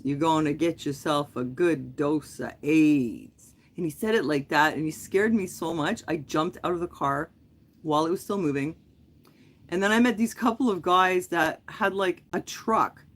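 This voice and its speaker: A middle-aged woman hosting a livestream, telling a long story in a casual, rambling way, full of fillers and self-corrections. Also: on the low side. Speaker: livestream host.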